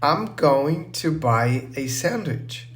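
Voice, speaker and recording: A man's voice: on the high side, expressive, slow pace. A man voicing a nervous, hungry young man flying for the first time, read plainly in a storybook. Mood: anxious.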